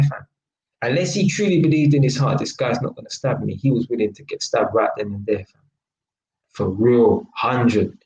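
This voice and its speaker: A man's voice: on the high side, highs cut off. A man hosting a live stream, telling a story in casual street slang full of tag questions. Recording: roomy echo.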